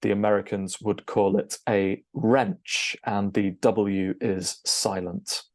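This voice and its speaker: Low-voiced man teaching vocabulary. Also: flat delivery, measured pace, darkish tone, no echo. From Britain. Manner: explanatory, with frequent "okay" and "um" fillers. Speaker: IELTS teacher. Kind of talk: recorded lesson to camera.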